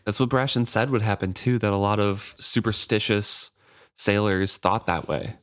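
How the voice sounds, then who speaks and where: A man's voice: fairly low pitch, fairly even intonation, normal speed, fairly bright tone, smooth. A man co-hosting a casual book discussion podcast, easygoing and reading passages aloud. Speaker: podcast co-host.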